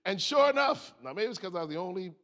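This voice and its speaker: Middle-aged American man, sermon speaker, animated storyteller, slightly high voice. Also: quick pace. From United States.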